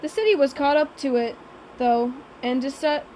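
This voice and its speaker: A woman's voice: sits high, normal speed, a little mellow, slight background noise, low-quality recording. A woman narrating an audiobook in the first person, with a wry, sarcastic young voice.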